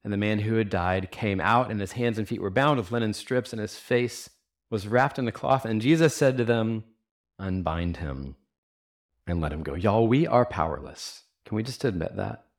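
Male pastor, lower register, earnest conversational sermon delivery, rhetorical questions, casual fillers. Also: moderate pace.

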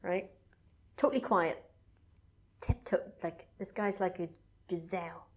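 Speaking at a measured pace in a fairly low voice, a podcast co-host recaps a movie's plot in a casual way. She tells it with animation, cursing freely and breaking into mock voices.

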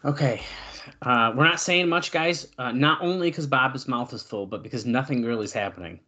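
A young adult man co-hosting a casual wrestling watch-along podcast, excitedly calling the moves and chatting between them. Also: mid-range voice, normal speed. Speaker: podcast co-host.

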